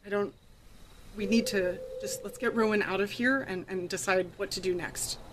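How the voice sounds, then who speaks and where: A woman's voice: medium pitch, fairly even intonation, background noise, lightly acted. Woman doing a shaken, apologetic young woman. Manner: halting, apologetic, stumbling over words. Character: distraught young woman comforting a grieving friend.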